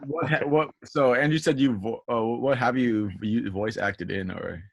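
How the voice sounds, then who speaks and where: A man co-hosting a casual interview, excitable and quick to laugh. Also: medium pitch, creaky, crowd noise. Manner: excitable, animated, laughs often.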